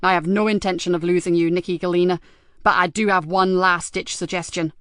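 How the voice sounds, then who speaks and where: A woman's voice: fairly low pitch, steady tone, brisk, fairly bright tone, dry recording, studio quality, lightly acted. Blunt, firm male superintendent, read by a woman. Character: gruff loyal male police superintendent.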